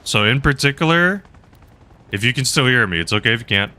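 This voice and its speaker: A man's voice: medium pitch, expressive, a little fast, sharp tone. Rambling male game streamer. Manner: rambling, chatting with viewers, frequent laughs. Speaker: live streamer. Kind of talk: casual gaming commentary.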